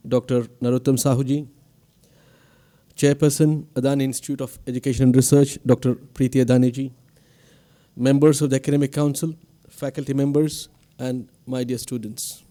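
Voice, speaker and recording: A man's voice: mid-range voice, mellow. A man with an Indian English accent giving a formal convocation address as institute director, asking the audience questions, recorded at a podium mic in a ceremony hall. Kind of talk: formal commencement speech.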